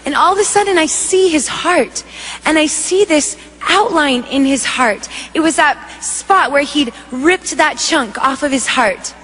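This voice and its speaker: A woman giving an emotional spoken testimony, telling her story in a vivid, animated way. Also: high voice, a little slow. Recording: echoey hall reverb.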